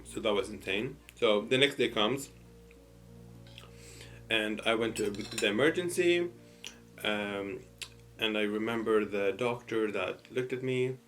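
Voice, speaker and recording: A man's voice: fairly low pitch, measured pace, pauses often, fairly bright tone, soft background music. A man casually telling a personal story while eating, hesitant and full of fillers and restarts. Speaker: storytime host.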